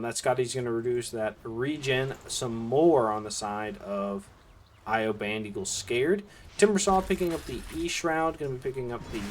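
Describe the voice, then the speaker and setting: A man's voice: medium pitch, a little hiss or hum. A man with a Southern US accent giving casual solo play-by-play commentary on an esports match. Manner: easygoing, chatty, with asides and fillers. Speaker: esports caster.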